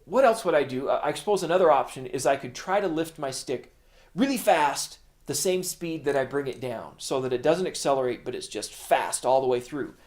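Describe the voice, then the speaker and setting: A man's voice: medium pitch, lively intonation, a little fast. A middle-aged man teaching a drum lesson, explaining patiently in plain words and counting beats aloud. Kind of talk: instructional video lesson.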